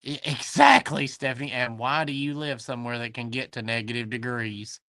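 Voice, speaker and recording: A man's voice: medium pitch, normal speed, pushed and bright, dry recording. Chatty Southern man hosting a livestream. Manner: folksy, chatty, greets viewers by name. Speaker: host of a live online antique sale. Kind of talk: livestream chat, reading viewer comments.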